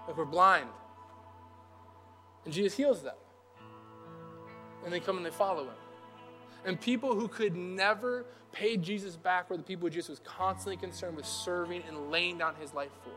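A man's voice: sits high, a little fast, soft background music. A young man, a pastor, giving a casual, conversational sermon and acting out the voices of people he quotes. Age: young adult. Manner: chatty, animated, acts out quoted voices.

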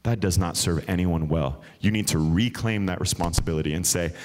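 A man's voice: low-pitched, brisk. A man preaching a sermon at a church service, earnest and conversational, speaking straight to the congregation. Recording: loud music under the voice.

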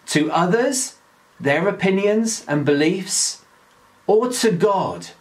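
Male pastor, daily devotional; unhurried, earnest delivery, slightly higher voice. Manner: slow, measured, earnest.

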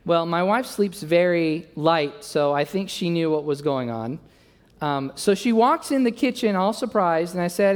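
A young adult man preaching a sermon, telling a self-mocking story and acting out the dialogue with lively energy. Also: sits high, moderate pace. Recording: long reverb of a large hall.

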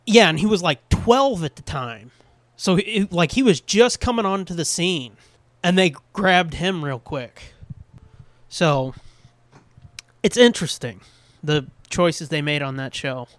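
A man co-hosting a podcast, chatting casually with lots of swearing and quick voice impressions. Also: fairly high pitch, no echo. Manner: animated, swears a lot, mimics voices. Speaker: podcast co-host. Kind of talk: casual profane chat.

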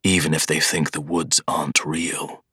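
A man voicing a cold, scheming young schoolmaster of Evil who speaks in a measured, persuasive way. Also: extremely low pitch, little pitch movement, pushed and bright, breathy edge, no room sound, clean studio sound, heavily acted. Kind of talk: audiobook character voice.

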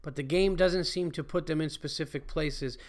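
A man's voice: on the high side, moderate pace. A man hosting a podcast, reading listener emails and chatting casually, swearing freely and chuckling as he talks. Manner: loose, swears freely, chuckles mid-sentence. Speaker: podcast host.

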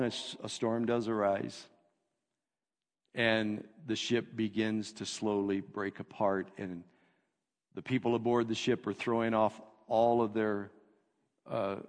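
A male pastor preaching a sermon, emphatic and repetitive, swinging between loud declarations and hushed lines. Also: fairly low pitch. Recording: long reverb of a hall.

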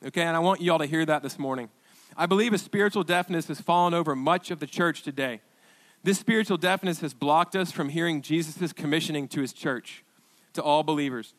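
A man's voice: on the high side, fairly quick, a bit bright. A man pastor preaching a sermon, telling a story with many restarts and asides, then building to emphatic repeated declarations.

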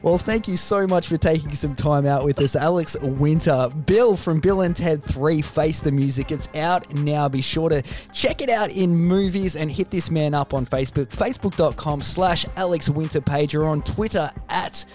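A man's voice: a little high, normal speed, few pauses, darkish tone, soft background music. A man hosting an interview, upbeat and enthusiastic. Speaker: radio show host. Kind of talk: casual interview.

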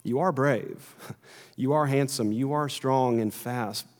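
A man voicing a gentle, loving father squirrel in a children's story, speaking reassuringly, with long hall reverb. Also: mid-range voice, takes it slowly. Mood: tender.

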